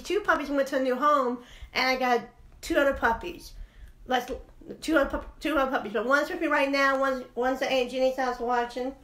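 Bright high-voiced chatty woman. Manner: playful, sing-song, chatty and rambling. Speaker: jewelry seller on a live stream. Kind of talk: casual live-stream chat.

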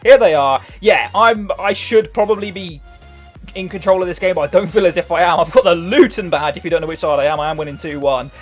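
A man in his twenties giving excitable live gameplay commentary, swearing often and bursting into shouts. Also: high-pitched. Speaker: gaming YouTuber. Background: faint background music.

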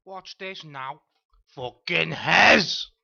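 A man dubs a cocky, foul-mouthed young golfer, his voice bright and forward. It comes through a dry, dull lo-fi recording, like a home comedy dub. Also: high-pitched, lively intonation, takes it slowly, dry recording, heavily acted. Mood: boastful. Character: brash swearing young male golfer.

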